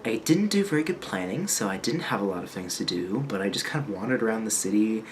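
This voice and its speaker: A young American guy with a lowish, expressive voice talks fast in a casual travel vlog, rambling and laughing a lot into a handheld camera, with loud noise in the background.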